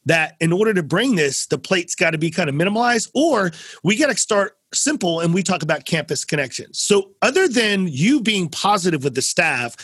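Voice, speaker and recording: A man with a high, husky voice hosts a relaxed interview podcast. He tells stories with animation and acts out the quotes with big swings in his voice. The sound is dry and close. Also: moderate pace, hardly any pauses, no echo. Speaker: podcast host. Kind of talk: casual conversational interview.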